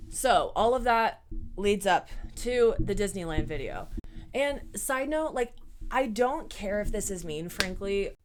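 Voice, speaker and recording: A woman's voice: medium pitch, slight background noise. A young woman giving a blunt, sarcastic commentary, peppered with swearing and "like" fillers. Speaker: YouTuber. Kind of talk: casual commentary vlog.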